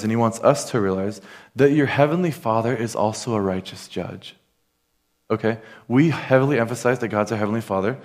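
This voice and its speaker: A man's voice: lowish voice, a little mellow. A man preaching a sermon in an earnest, conversational way, talking straight to his listeners.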